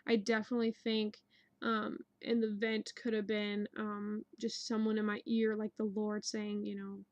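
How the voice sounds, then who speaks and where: A woman's voice: medium pitch, completely flat delivery, moderate pace, dry recording, low-quality recording. A young woman casually telling a long personal story, rambling with many fillers and restarts. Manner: rambling, many ums and likes. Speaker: dream narrator.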